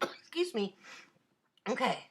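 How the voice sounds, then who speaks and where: A woman's voice: a little high, very animated, takes it slowly, creaky. A young woman chatting casually on a home live stream, giggly and rambling as she reads the chat.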